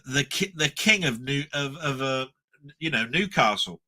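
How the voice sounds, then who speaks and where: Bright-voiced rambling male stream host. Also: mid-range voice, expressive, moderate pace. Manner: rambling, repeats words, jokey. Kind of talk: casual live stream chat.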